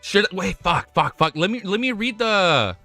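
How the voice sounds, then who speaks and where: A young man chats live on stream with a bright, animated voice that swings widely in pitch. He gets excitable, swears freely, stumbles over his words and laughs often. The mic is close and dry, with faint music underneath. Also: a little slow, vocal fry, no room sound. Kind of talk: casual livestream chat.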